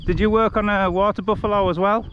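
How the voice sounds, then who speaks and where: Walking a rural road for charity, an English vlogger talks fast in a high, steady voice, rambling through stories and laughing often. The handheld-camera audio from outdoors sounds dull.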